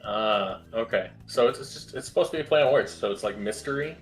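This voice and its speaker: Male podcast guest, low voice, easygoing, patient explainer. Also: animated, fast, soft background music. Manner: explaining patiently, hesitant fillers. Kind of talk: casual chat.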